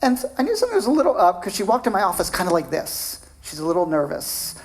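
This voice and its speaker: A middle-aged man giving a keynote lecture as a professor, telling personal anecdotes with animated delivery. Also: fast talker. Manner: animated storytelling, acts out quoted voices with big pitch jumps.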